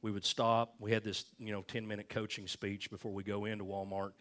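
A man's voice: fairly low pitch, little pitch movement, fairly quick, a bit bright. An older man, a pastor, closing his sermon with a folksy story, acting out the voices in it, then leading a prayer. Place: church sanctuary.

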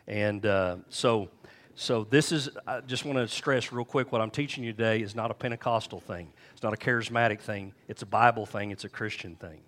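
A man's voice: on the low side, brisk, a bit bright. A man preaching a sermon to his congregation, telling stories in a folksy, conversational way. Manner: folksy storytelling, addresses congregation directly. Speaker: pastor. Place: church.

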